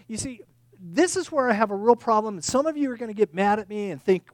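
A male pastor preaching a sermon, earnest, swinging from loud emphatic lines to quiet confiding ones, often repeating words and restarting sentences. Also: high voice, animated, fast talker, dry recording, studio quality.

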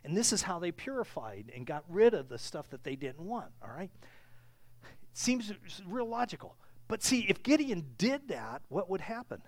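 A preacher delivering a sermon in an animated storytelling manner, swinging between loud bursts and hushed asides, with pauses and filler words. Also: medium pitch, no room sound.

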